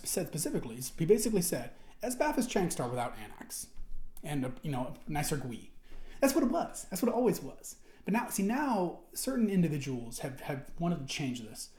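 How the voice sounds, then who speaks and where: A man's voice: high-pitched, dark tone. A man reading out forum posts and answering them in an indignant, rambling rant, restarting his sentences and swearing often. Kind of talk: ranting commentary while reading forum posts aloud. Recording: roomy echo.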